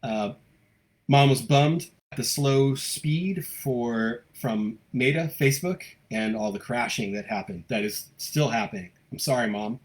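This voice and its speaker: A man with an American accent hosts a live stream from home, greeting viewers and reading their comments out loud. He talks quickly and stays upbeat and gushing, and his voice sits at a middle pitch. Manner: fast-talking, upbeat, gushing. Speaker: host of a local live show.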